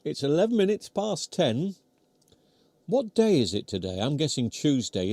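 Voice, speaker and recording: A British man hosts a live stream, reading comments and chatting casually while he chews, rambling and making fun of himself as his voice wears out. His voice sits on the high side with big pitch swings, a darkish tone and normal speed, captured dry by a mic close to his mouth.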